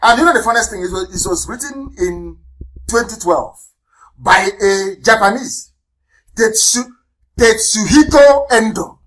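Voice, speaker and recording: A man from Nigeria, giving an impassioned radio address as a movement leader. He repeats phrases, spells words out letter by letter, and swings between loud outbursts and low, quiet asides. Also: measured pace, low-quality recording.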